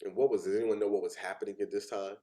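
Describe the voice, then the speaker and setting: A man's voice: lowish voice, steady tone, rapid-fire, dark tone. A young adult man giving a heartfelt personal presentation, earnest and fighting back tears at times. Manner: earnest, chokes up with emotion.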